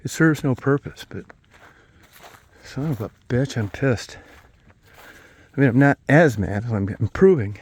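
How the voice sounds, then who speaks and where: A man's voice: medium pitch, lively intonation, measured pace, pauses often, a little mellow, breathy edge. A middle-aged man rambling in a casual vlog, swearing a lot and mocking himself in a wry, ranting way. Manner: profane, wry, self-mocking rant. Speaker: vlogger.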